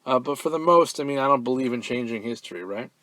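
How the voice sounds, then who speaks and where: A man hosting a fan-mail podcast in a relaxed, offhand way, full of ums and uhs, now and then breaking into loud, profane excitement. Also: medium pitch, quick pace. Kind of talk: casual podcast chat.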